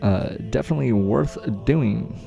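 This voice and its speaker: A man's voice: medium pitch, moderate pace, creaky, dark tone, soft background music. A man streaming gameplay and commenting live, hyped up, cheering himself on and swearing freely. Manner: hyped, profane, self-cheering.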